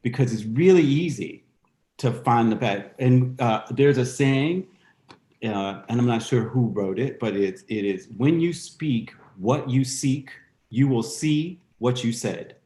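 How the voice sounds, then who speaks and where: A man's voice: medium pitch, expressive, unhurried, mellow, echoey room. A man speaking as a guest in a candid interview, reflective and thinking aloud with restarts. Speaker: guest dancer.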